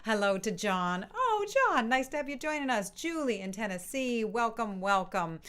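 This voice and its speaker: Her voice is a little high, clear and resonant, a bit bright, with big pitch swings at a moderate pace. She's hosting an online music session, casually welcoming participants individually with plenty of laughs, heard through a computer mic on a video stream.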